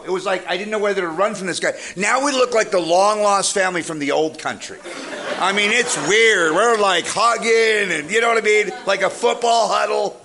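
A man's voice: high voice, vocal fry. A man giving a humorous motivational recovery talk, telling stories with energy and jokes. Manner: energetic joking storyteller. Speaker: recovery speaker.

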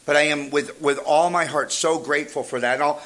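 Here a recovery speaker tells lively, joke-filled stories in a humorous motivational talk. His voice is fairly high and his pace fairly quick.

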